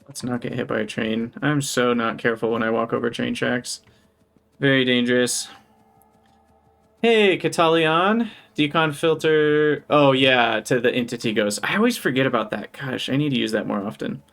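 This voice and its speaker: A man streaming a building game live, thinking aloud as he plans and brightening to greet viewers in chat. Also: mid-range voice, normal speed, creaky, soft background music. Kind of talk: live gameplay commentary.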